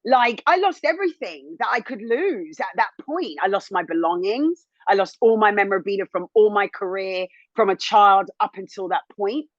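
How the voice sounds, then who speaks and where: A woman in her thirties, a TV presenter, telling her own story as an interview guest in a candid, animated way, rising high when indignant. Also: normal speed, few pauses, dry recording, lo-fi sound. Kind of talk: emotional personal testimony.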